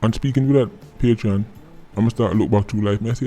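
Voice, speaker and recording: A man's voice: medium pitch, fairly even intonation, brisk, mellow, faint music behind. A man with a Jamaican accent giving blunt, outspoken commentary on his vlog, slipping into patois. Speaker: vlogger.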